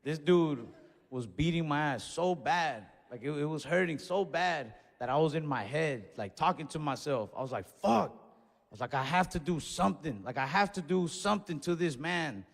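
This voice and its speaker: A man doing stand-up, telling a story in a casual, profane way with sudden shouted bursts, recorded live on stage. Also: on the high side, expressive, normal speed, vocal fry. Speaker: stand-up comedian. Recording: reverberant live venue with faint ambience.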